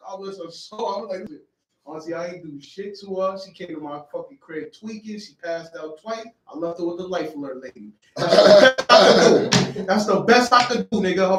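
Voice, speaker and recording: A high-voiced man tells a story at full animation, cursing freely and jumping into the voices of each person he quotes. He sits some way off the mic in an echoey room with a faint hiss underneath. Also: a little fast, fairly bright tone. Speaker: storyteller on a podcast. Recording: echoey room, mic a bit far, light noise.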